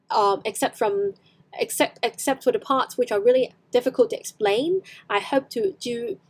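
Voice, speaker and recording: A young woman whose first language is Cantonese, teaching English on a live stream and repeating lines slowly for practice. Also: a little high.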